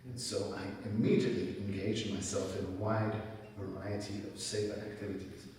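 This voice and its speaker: A middle-aged man telling a personal story in a relaxed, conversational way at a spiritual center, often quoting himself. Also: lowish voice, normal speed, a little hiss or hum. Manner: conversational storytelling, quotes himself in lively asides. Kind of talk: personal testimony talk. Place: large hall at a spiritual center. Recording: echoey hall, mic from far off.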